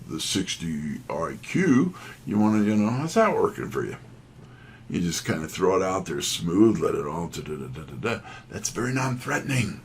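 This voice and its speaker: A man's voice: lowish voice, fairly bright tone, slight background noise. A middle-aged man, a sales trainer, telling folksy, self-deprecating stories from his career. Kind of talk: storytelling talk.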